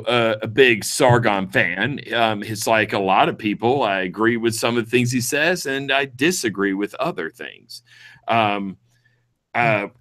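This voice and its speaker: This podcast host, a man with a Southern Georgia accent, has a mid-range, fairly bright voice. Running a casual panel chat, he talks bluntly and profanely and says um a lot.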